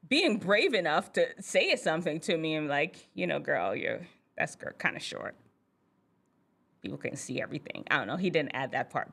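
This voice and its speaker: Woman host, low-set but bright and lively voice, chatty storyteller who laughs easily, talking straight to teens. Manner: animated, chatty, laughs often. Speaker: host, physician. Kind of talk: casual storytelling monologue to teens.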